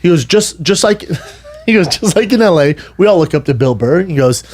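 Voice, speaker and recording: A man's voice: a little high, animated, a little fast, a little mellow. Man retelling a comedy story. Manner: retells stories with quoted voices, laughing along. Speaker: podcast co-host. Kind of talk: casual chat.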